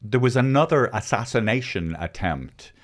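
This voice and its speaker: A man's voice: medium pitch, lively intonation, moderate pace. An Irish man co-hosting a podcast, rambling and swearing with many restarts in casual chat. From Ireland. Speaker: podcast co-host.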